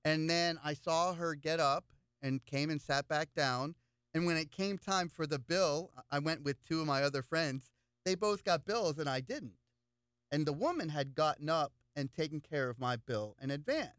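A man's voice: on the high side, normal speed, smooth, no room sound, clean studio sound. A man running for local office, talking casually in an interview and telling stories with lots of repeated words. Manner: animated storyteller with frequent repeated words. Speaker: political candidate. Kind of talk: casual interview chat, storytelling.

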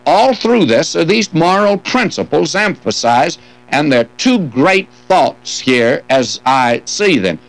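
An older man leads a verse-by-verse scripture lesson. His pitch moves up and down a lot as he reads old King James wording aloud. He breaks in with folksy, gently humorous asides. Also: poor audio. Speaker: Bible teacher. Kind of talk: expository Bible teaching.

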